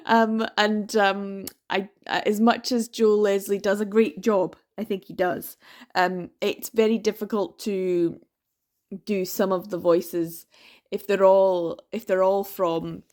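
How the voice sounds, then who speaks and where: A woman's voice: mid-range voice, flat delivery, slow pace, darkish tone. A young woman from the Isle of Lewis with a Scottish Western Isles accent, chatting casually and reflectively in a reading vlog, often trailing off and restarting. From Isle of Lewis, Scotland. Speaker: book vlogger.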